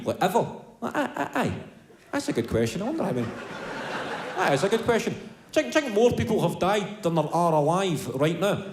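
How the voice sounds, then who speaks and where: A man's voice: a little high, background noise. A young Scottish man performing a stand-up comedy set, swearing and rambling as he tells his story. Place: large venue before a live audience. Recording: roomy hall with loud crowd.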